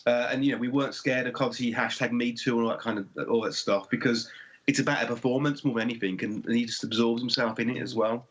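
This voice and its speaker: A man's voice: mid-range voice, fairly even intonation, fast talker, fairly bright tone, highs cut off. A man with a Birmingham accent, chatting easily about making his film, with lots of fillers. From England. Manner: easygoing, explains with many fillers. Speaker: film director and writer, guest. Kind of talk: casual commentary chat.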